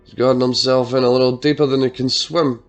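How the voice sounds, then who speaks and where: A man voicing a menacing male cartel boss with a rough, throaty accent, speaking in a cold and threatening way. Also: mid-range voice, little pitch movement, a little fast, soft background music, natural voice.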